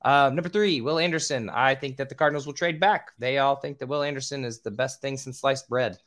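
Man, podcast host, casual, swears, trips over names, squeaky voice, mid pitch. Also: steady tone, a little fast, fairly bright tone.

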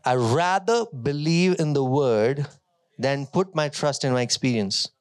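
A male pastor preaching a sermon, emphatic, moving between strong declarations and quieter storytelling. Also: mid-range voice, a little slow.

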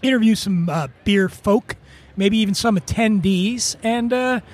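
A man's voice: sits high, measured pace. A man hosting a podcast, interviewing people at an outdoor beer festival with a handheld mic and teasing his co-host. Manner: teasing, jokey. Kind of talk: casual on-site interview.

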